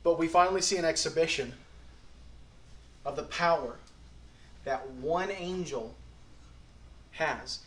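This folksy, earnest pastor has a voice pitched a touch high, and he takes his time, pausing often. His sermon shifts from hushed reflection to pressing, emphatic lines, echoing through a roomy hall.

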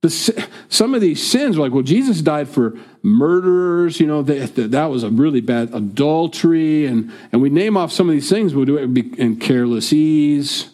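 A man's voice: on the high side, lively intonation, normal speed, darkish tone. A man from the United States preaching a sermon in a conversational way, often acting out what others might say. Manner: conversational, acts out quoted speakers. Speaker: pastor.

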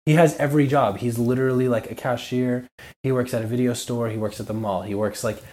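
A man's voice: medium pitch, steady tone, fairly quick, mellow. A man who is a podcast guest, talking loosely with many fillers in casual chat. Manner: loose, filler-heavy, says "literally" and "like".

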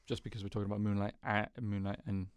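A man's voice: lowish voice, little pitch movement, fast talker, smooth, dry recording. A man co-hosting a podcast in casual chat, laid-back and wry. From Britain. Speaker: podcast co-host.

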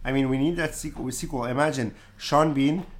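A man co-hosting a casual podcast chat, joking and pitching wild ideas. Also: brisk, slight background noise. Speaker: podcast co-host.

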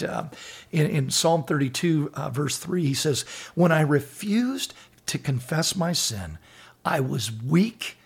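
A man's voice: medium pitch, creaky, husky. A middle-aged man on a faith talk show, earnestly telling personal stories, quoting scripture and acting out the dialogue of others. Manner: earnest storytelling, quotes scripture and acts out dialogue. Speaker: podcast guest sharing faith stories.

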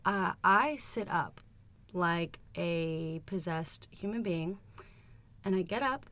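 A woman's voice: fairly low pitch, slow pace, a bit bright. A young adult woman co-hosting a podcast, telling a rambling, frank and profane story in casual chat and laughing often as she goes. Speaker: podcast co-host.

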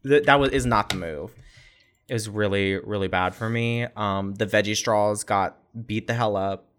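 A man's voice: fairly low pitch, normal speed, a bit bright. A man hosting a casual podcast, telling stories loosely and laughing as he goes. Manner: laid-back, laughing storyteller. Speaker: podcast host. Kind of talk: casual chat.

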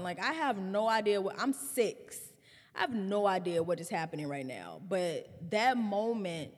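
A woman in her thirties hosting a podcast, telling a personal story in a candid, animated way. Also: on the low side, in a large hall. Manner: candid, animated retelling with laughs and swearing. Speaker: podcast host.

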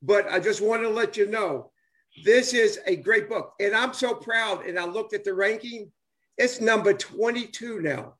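A man's voice: sits high, a little slow, fairly bright tone. An older man, a former ballplayer talking casually and enthusiastically, rambling with many restarts and fillers. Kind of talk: casual chat on a live stream.

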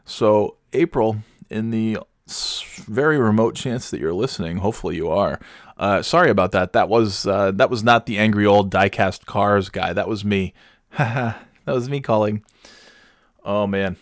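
A man's voice: lowish voice, normal speed, no room sound, clean studio sound. A man hosting a podcast, telling a story in a laid-back, rambling way. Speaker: podcast host. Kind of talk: casual storytelling.

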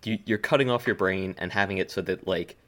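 A man co-hosting a podcast, chatting casually in a rambling, animated way full of fillers and restarts. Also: low-pitched, brisk. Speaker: podcast co-host. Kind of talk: casual chat. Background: desk smacking.

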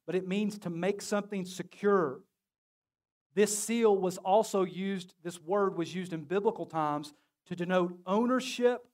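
Lively pastor preaching to his church. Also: high-pitched. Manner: lively, joking, calls on the congregation to respond. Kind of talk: sermon. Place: church sanctuary.

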